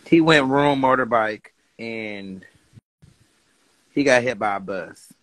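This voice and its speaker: A man's voice: mid-range voice, slow pace, a bit bright, rough recording. A man chatting casually on a livestream, laughing often and reading viewer comments aloud in a loose, rambling, profane way.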